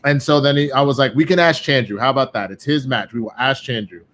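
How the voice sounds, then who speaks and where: Profane, animated man telling stories. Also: mid-range voice, fast talker, a little hiss or hum. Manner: profane, animated storytelling with quoted voices. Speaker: guest. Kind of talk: casual podcast chat.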